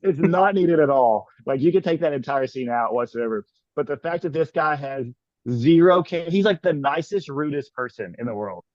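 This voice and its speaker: A man co-hosting a podcast in casual chat, retelling scenes in a rambling, animated way with lots of "like"s. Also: a little high, moderate pace, no echo. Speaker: podcast co-host. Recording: dull lo-fi sound.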